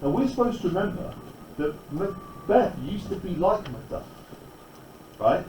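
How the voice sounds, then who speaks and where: A man's voice: high voice, expressive, normal speed, long pauses, warm tone, slight background noise, rough recording. A male teacher lecturing a class in a classroom, explaining step by step and often asking "right?" to check that students follow.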